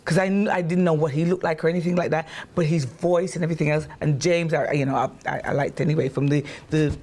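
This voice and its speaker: A woman recounts her life in a relaxed interview. She tells her stories in a lively, chatty way, stumbling over restarts and fillers. When she quotes people, her voice jumps up in pitch. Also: fast. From England. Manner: animated, acts out quotes in a raised voice. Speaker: guest singer. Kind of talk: casual storytelling interview.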